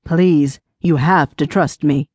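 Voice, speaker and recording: A steady, composed male firefighter in a storybook, put on by a woman narrator. He talks low, hushed and urgent, his voice dropped well below her own. The sound is close and dry. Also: slow pace, no room sound. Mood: urgent, calm.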